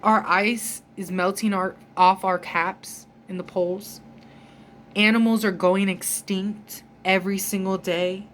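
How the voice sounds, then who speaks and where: A woman's voice: medium pitch, fairly even intonation, takes it slowly, fairly bright tone, slight background noise. A woman vlogger ranting in a heated, emphatic way, with frequent swearing. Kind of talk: ranting storytime vlog.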